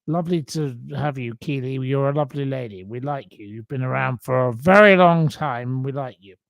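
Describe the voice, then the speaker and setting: Running a quiz on a casual stream, a talkative man keeps saying sorry and lets the odd swear word slip. He talks at a normal pace in a gravelly medium-pitched voice, captured dry through a computer webcam mic.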